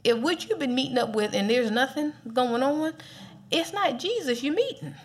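A woman's voice: sits high, expressive, moderate pace. A woman preaching a casual, playful sermon, laughing often as she talks.

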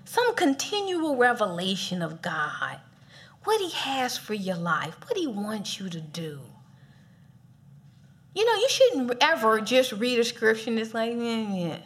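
Animated woman preaching a casual sermon. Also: fairly high pitch, measured pace. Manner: animated, playful, laughs often.

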